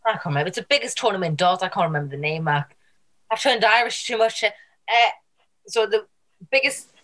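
A woman's voice: medium pitch, fairly bright tone. Chatty woman co-hosting a podcast. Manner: jokey, rambling, puts on silly voices. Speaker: podcast co-host. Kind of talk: casual chat.

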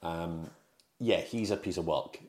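A man's voice: low voice, unhurried. A man co-hosting a film podcast, recounting the plot in casual chat with frequent fillers and self-corrections. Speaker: podcast co-host. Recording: roomy echo.

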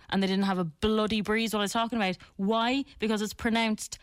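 A woman's voice: mid-range voice, level tone, normal speed, clean tone, no echo. An Irish woman co-hosting a radio show, telling stories and laughing at herself. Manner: laughing, self-mocking storyteller. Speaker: radio co-host. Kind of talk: casual radio banter.

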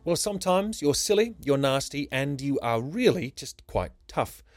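A man's voice: medium pitch, very animated, normal speed, no echo, voice pushed up, close to an everyday voice. A man doing a small playful boy. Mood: complaining. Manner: pleading, sing-song rhyming delivery. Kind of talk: rhyming storytelling.

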